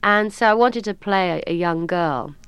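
A woman from England, a comedian being interviewed, talking in a chatty, animated way and slipping into other people's voices. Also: medium pitch, moderate pace, clear, resonant tone, no room sound. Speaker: comedian guest. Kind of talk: talk-show interview.

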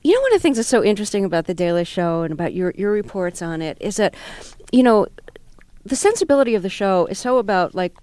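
A woman's voice: medium pitch, big pitch swings, fast talker, darkish tone, no room sound. A woman hosting a radio interview program, asking curious questions and laughing readily.

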